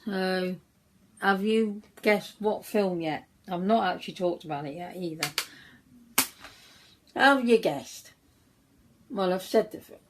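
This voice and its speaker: A woman chats her way through a makeup look on her own channel. She wanders from point to point and restarts her sentences often. Her pace is unhurried and her voice sits a little low. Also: a little hiss or hum, rough recording. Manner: rambling, chatty storytelling with many restarts. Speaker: beauty vlogger. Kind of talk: casual chat while doing makeup.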